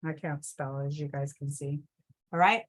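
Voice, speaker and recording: A woman with a low, steady voice talks at normal speed while running a screen-share tutorial from her desktop computer. She's a travel agent trainer with a chatty style, repeatedly calling viewers "you guys" and checking in with "okay?".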